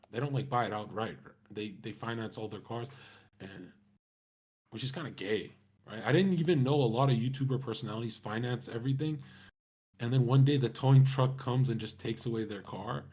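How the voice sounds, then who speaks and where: Young male streamer, raspy, brash and profane, rambling casual chat. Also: mid-range voice, brisk, darkish tone. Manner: swaggering, profane, slangy.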